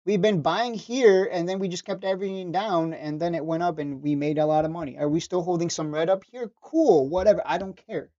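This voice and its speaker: A man's voice: high-pitched, fairly quick, hardly any pauses, warm tone, lo-fi sound. Blunt, profane man on a trading stream. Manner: blunt, profane, laughing, repeats words. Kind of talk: casual livestream commentary reading chat.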